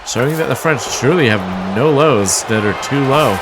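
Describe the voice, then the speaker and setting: A man's voice: mid-range voice, normal speed, crowd noise, noisy background. A man calling a wrestling match play by play, with a wry, mocking manner and the odd chuckle. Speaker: wrestling commentator. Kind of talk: play-by-play commentary.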